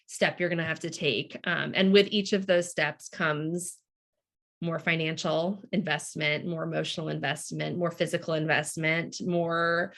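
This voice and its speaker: A woman's voice: low voice, flat delivery, unhurried, vocal fry, a bit bright. A woman from the United States, a podcast guest, openly telling her personal story with many fillers. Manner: candid, lots of fillers.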